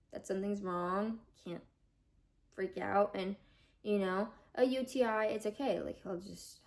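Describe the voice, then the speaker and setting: A woman's voice: mid-range voice, darkish tone. A young woman vlogger recounting a hard personal story, chatty with lots of fillers, her voice rising as she nears tears.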